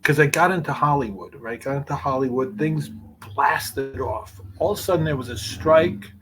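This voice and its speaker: A man's voice: mid-range voice, normal speed, crowd noise. A man guest telling long, profane, rambling stories in casual talk on a podcast. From New York. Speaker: guest, screenwriter. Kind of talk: casual storytelling.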